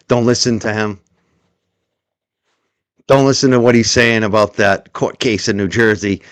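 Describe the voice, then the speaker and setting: A man's voice: medium pitch, a bit bright, no echo, studio quality. A man hosting a heated commentary stream, taunting and swearing and hammering rhetorical questions. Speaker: show host.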